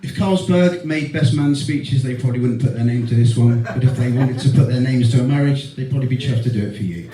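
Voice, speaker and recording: A man's voice: medium pitch, quick pace, hardly any pauses. A middle-aged man giving a teasing, heartfelt best man speech at a wedding reception. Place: wedding reception hall with guests. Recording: echoey hall from far off, crowd.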